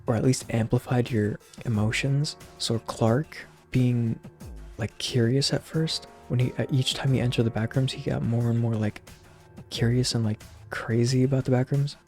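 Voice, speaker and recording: A man's voice: mid-range voice, steady tone, normal speed, darkish tone, soft background music. A young man casually recapping a movie, rambling with lots of slang and fillers. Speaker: channel host.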